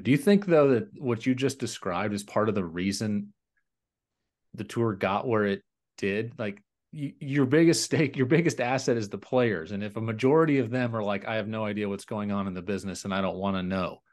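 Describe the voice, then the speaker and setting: Male host, slightly low voice, conversational questioner, probing and chatty. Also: moderate pace, a little mellow. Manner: probing, conversational, filler-heavy. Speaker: podcast host. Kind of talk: interview questions.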